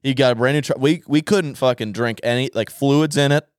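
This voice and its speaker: A man's voice: mid-range voice, a little fast, no echo, clean studio sound. A young man in casual podcast chat, rambling through a funny story, swearing and laughing often. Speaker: podcast co-host.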